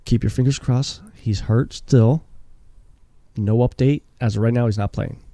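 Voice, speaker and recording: A man co-hosting a casual sports podcast, talking in a rambling, halting way with many restarts. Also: medium pitch, fairly even intonation, mellow, no echo. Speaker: podcast co-host.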